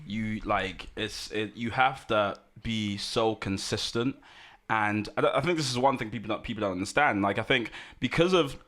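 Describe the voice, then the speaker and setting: Chatty, animated male podcast host. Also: lowish voice, moderate pace. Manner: lively, chatty, swings between loud excitement and quiet asides. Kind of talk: casual interview chat.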